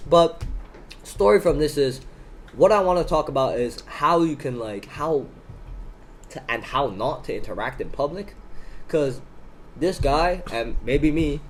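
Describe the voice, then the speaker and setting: Teen boy, student podcaster, animated storyteller, slight background hiss. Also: a little high, moderate pace, low-quality recording. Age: teens. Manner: animated storyteller acting out both sides of an argument. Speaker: podcast co-host. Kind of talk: casual storytelling. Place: school room in Hong Kong.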